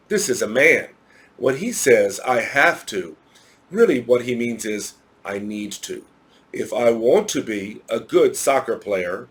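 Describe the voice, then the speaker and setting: A man teaching English to children in a recorded lesson, explaining patiently with repeated examples. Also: mid-range voice.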